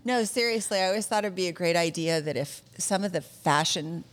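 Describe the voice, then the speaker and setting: A woman's voice: on the low side, brisk. A woman co-hosting a casual chat show, enthusiastic and playful with casual slang. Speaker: podcast co-host.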